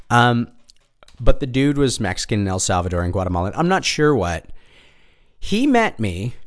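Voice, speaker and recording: A man telling personal stories in a loose, rambling monologue, full of fillers, asides and swearing. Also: medium pitch. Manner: rambling, animated, many fillers and asides, profane. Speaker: storyteller. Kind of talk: casual storytelling monologue.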